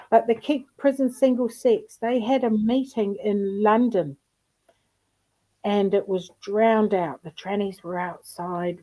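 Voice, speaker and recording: This livestream host is a woman whose mellow, mid-range voice carries casual chat full of rambling, profane stories and frequent laughter. The recording is low in quality.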